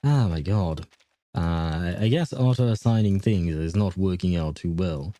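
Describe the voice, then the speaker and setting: A man streaming a game, chatting casually, laughing often and filling pauses with hesitant "uh"s. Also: deep voice, warm tone, no room sound. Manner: reads and answers chat aloud. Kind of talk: casual live-stream chat while playing.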